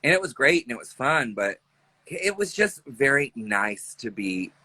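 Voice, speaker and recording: A man's voice: mid-range voice, very animated, measured pace, pushed and bright, no echo, poor audio. A man in his thirties, a drag performer chatting casually on a livestream, joking and laughing often. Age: 30s.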